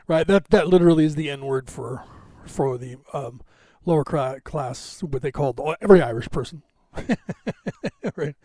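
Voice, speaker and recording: With many fillers and restarts, an American podcast host chats and rambles casually on his live stream. His voice runs on the high side and mellow at a moderate pace, without room sound, captured by a camera placed on a box.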